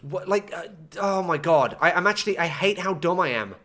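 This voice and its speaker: A man's voice: sits high, expressive, a little fast, bright, forceful tone. A young man commenting casually on his own gameplay, muttering to himself and breaking into frustrated outbursts. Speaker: gaming streamer.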